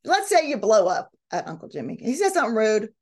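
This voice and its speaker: Lively woman coaching a live group. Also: on the high side, fast talker. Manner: animated, reads out group comments, acts out quoted voices. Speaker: podcast host and coach.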